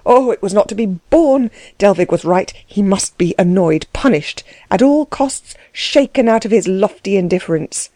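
Woman narrating a novel, warm dark tone. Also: mid-range voice, animated, normal speed, hardly any pauses, dry recording. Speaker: audiobook narrator. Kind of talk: scripted narration.

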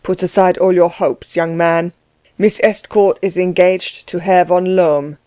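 A woman doing a harsh, mocking older gentleman. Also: lowish voice, fairly even intonation, unhurried, dry recording, natural voice. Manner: bossy, laughing harshly. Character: harsh, mocking middle-aged German man.

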